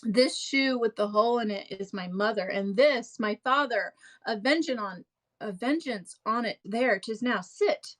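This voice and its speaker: A woman's voice: fairly high pitch, a little slow. A woman reading aloud as a clownish young male servant grieving over his family, with big exaggerated swoops in her delivery. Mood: theatrical lament.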